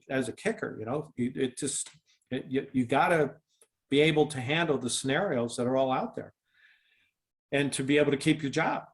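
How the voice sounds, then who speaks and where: An older man, a former football kicker, telling a long story in a casual interview, with many restarts and fillers. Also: mid-range voice.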